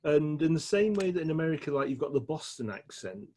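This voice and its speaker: A middle-aged man with a Yorkshire accent, telling stories in a chatty, animated way as an interview guest. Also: fairly high pitch, fast, slight background noise. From England. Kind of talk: casual storytelling chat.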